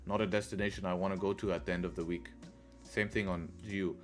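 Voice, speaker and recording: With a low-pitched voice that barely moves in pitch, a man hosts a live trading stream at a quick pace over soft music. His casual talk to viewers is peppered with "right?" and profane remarks.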